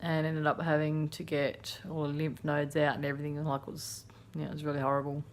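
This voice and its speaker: A woman's voice: deep voice, monotone, fairly quick, a little hiss or hum. A woman in her thirties with an Australian accent, casually narrating a daily vlog from her home kitchen in a rambling, chatty way. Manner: chatty, rambling, many fillers. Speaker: vlogger.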